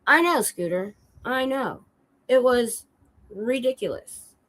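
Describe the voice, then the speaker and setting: A sick, hoarse woman chatting casually on her stream, telling an animated story and acting out quoted lines with a bit of swearing. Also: a little high, slow pace, rough recording. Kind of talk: casual chat. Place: home streaming setup.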